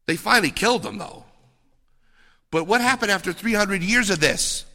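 Animated preacher in a reverberant hall. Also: male voice, sits high. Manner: animated storytelling, frequent asides of "okay?". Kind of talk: sermon. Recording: long reverb of a large hall.

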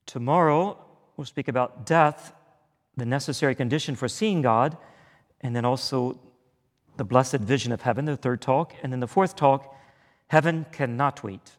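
Male priest, retreat talk, middle pitch, deliberate and earnest, long hall echo. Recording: echoey hall.

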